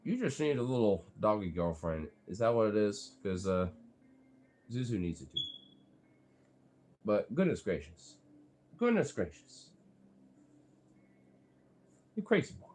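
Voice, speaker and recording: A man's voice: lowish voice, lively intonation, measured pace, long pauses, darkish tone. A young man vlogging casually, talking to his dogs in a rambling, profane way full of fillers.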